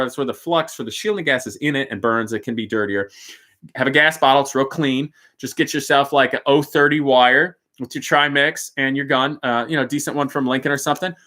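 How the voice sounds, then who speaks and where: Blunt, joking man with a bright voice. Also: medium pitch. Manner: blunt, joking, laughs often, swings between loud and muttered asides. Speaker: host answering viewer questions. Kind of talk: casual live-stream chat.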